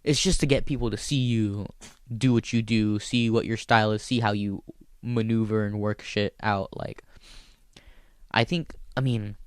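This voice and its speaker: A man's voice: fairly low pitch, normal speed, clear, resonant tone, no room sound, clean studio sound. A man who is a stand-up comedian, telling stories in a casual, profane, rambling way. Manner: profane, rambling, animated storyteller. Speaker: stand-up comedian and show host. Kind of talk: casual storytelling chat.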